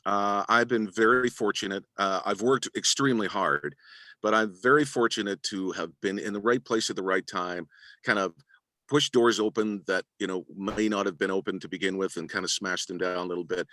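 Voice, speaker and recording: A man's voice: lowish voice, normal speed, sharp tone, no echo. A middle-aged man, an arena announcer and voice-over actor, answering interview questions in a humble, grateful way with frequent restarts. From Canada. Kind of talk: interview guest, reflective storytelling.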